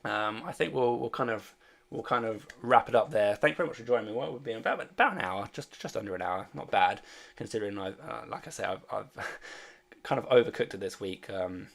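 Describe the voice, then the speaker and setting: Creaky low-voiced man chatting on stream. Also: animated, brisk. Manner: rambling and hesitant, many fillers; reads and answers viewer chat. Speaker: fantasy sports streamer. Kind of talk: casual livestream chat.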